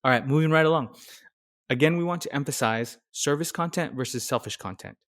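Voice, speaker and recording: A young man, a nurse and content creator, giving casual, energetic how-to advice in a direct coaching manner. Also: a little high, a little fast.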